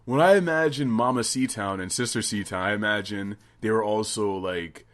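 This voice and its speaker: A man's voice: fairly low pitch, moderate pace, fairly bright tone. A man hosting a casual interview, curious and jokey, who laughs easily. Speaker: podcast host. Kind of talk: casual chat.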